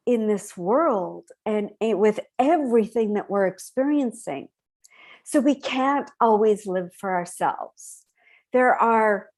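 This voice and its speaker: A woman's voice: on the high side, darkish tone. A woman minister giving a sermon, heartfelt and emotional, often restarting her sentences. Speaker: spiritual minister.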